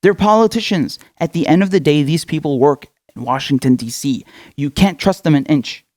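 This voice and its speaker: Male political commentator, slightly higher voice, furious profane rant, dry close sound. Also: normal speed, a little mellow, dry recording. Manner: profane, angry, lecturing directly to viewers. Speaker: political commentator, show host.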